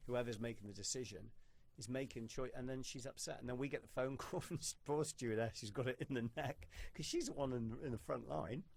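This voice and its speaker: A male podcast host in casual conversation who tells stories with a lot of energy. His pitch sits in the middle range for a man, and he swears freely as he talks. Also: brisk, creaky, hardly any pauses. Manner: animated storyteller, swears freely.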